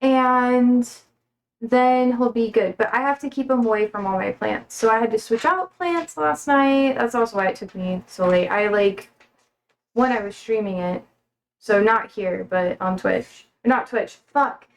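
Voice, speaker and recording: A woman's voice: fairly high pitch, unhurried, creaky, poor audio. A young woman livestreaming from her kitchen, chatting casually and rambling between talk to her pets. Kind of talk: casual chat while cooking.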